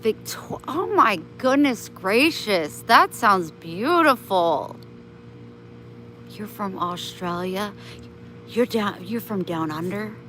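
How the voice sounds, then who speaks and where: A woman on a casual live stream who talks slowly and gently, with a bright, forward voice. She speaks kindly and motherly to her viewers and her pets. Faint outdoor noise sits behind her. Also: mid-range voice, animated, rough recording. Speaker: vlogger chatting with live viewers.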